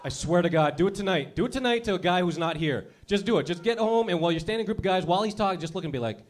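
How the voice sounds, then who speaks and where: A man's voice: high-pitched, animated, very fast, slight background noise. A man doing a crude, brash stand-up comedy routine, acting out little scenes as he goes. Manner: crude, brash, acts out characters.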